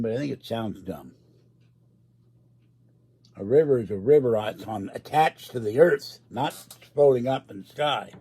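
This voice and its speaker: A man's voice: mid-range voice, dark tone, slightly rough. An older man, rambling and grumbling sarcastically on a casual home livestream. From Pittsburgh area. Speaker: livestream host. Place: indoors at home.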